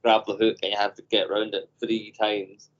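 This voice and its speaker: A man co-hosting a podcast over a video call, telling animated stories and acting out voices. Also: fairly low pitch, fairly quick, muffled recording. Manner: animated storyteller, acts out voices. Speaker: podcast co-host. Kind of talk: casual chat.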